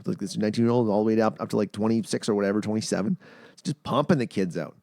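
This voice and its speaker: Male podcast host from Manitoba. Animated, swooping delivery in a dry, close recording. Tells anecdotes and plays every character in them. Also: fairly low pitch, quick pace, no room sound. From Manitoba, Canada. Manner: storytelling, acting out people he quotes. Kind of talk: casual podcast chat.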